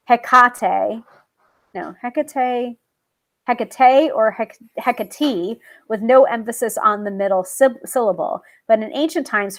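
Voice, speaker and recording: A woman's voice: fairly high pitch, a little mellow. A woman hosting a tarot show, talking casually about working with a goddess and reading tips from a list, with frequent ums, restarts and self-amused asides. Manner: chatty, many ums and restarts, laughs at herself.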